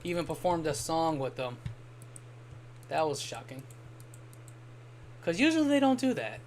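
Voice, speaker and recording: In a fairly high, sing-song voice with a darkish tone, a young man talks a little slowly while streaming a game. He drifts through long anecdotes, swearing now and then, and there's slight background noise.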